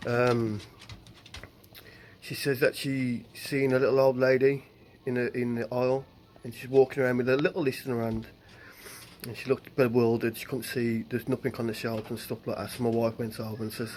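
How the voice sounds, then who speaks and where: A man's voice: mid-range voice, level tone, normal speed, darkish tone, a little hiss or hum. An angry man ranting and swearing into his phone camera about what his wife saw. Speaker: husband venting on camera. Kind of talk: angry home video rant.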